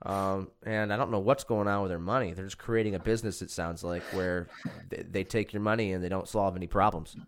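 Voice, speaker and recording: A man's voice: deep voice, steady tone, fairly quick, few pauses. Rambling, profane man telling a story. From Chicago. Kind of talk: casual storytelling chat.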